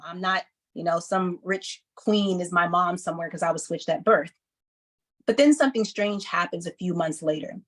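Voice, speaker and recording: A woman in her thirties telling a personal story to an audience, acting out the people she quotes with lively emphasis. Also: medium pitch, low-quality recording. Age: 30s. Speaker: speaker.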